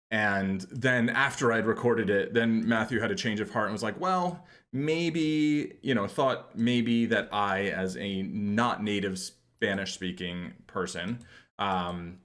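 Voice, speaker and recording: A man from New York hosts a podcast, chatting loosely and wandering into self-deprecating asides. His voice sits a little low. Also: a bit bright. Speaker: podcast host. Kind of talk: casual chat.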